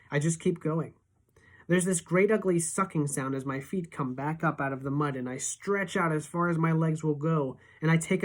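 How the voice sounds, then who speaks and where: A teacher reading a novel aloud in steady, expressive first-person narration. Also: female voice, low-pitched.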